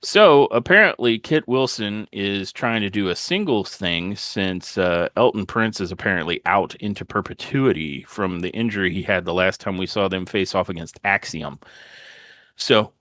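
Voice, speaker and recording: A man's voice: low voice, moderate pace, a bit bright, dry recording, studio quality. A man co-hosting a casual wrestling podcast, recapping the show with sarcastic asides and mocking impressions of the wrestlers. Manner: sarcastic, acts out wrestlers' lines in mocking voices. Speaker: podcast co-host.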